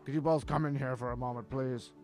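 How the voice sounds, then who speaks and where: A man's voice: medium pitch, fairly even intonation, fast talker, a little mellow, soft background music, close to an everyday voice. A man voicing a pompous, fussy middle-aged male psychiatrist in a comedic script reading, speaking theatrically. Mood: indignant. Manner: indignant, theatrical, clears throat.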